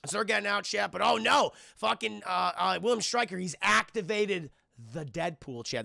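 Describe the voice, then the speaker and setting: A young man streaming a casual, profane spoiler review of a film, excitably recapping scenes and talking to his chat. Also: high-pitched, normal speed, creaky, few pauses, dry recording, studio quality.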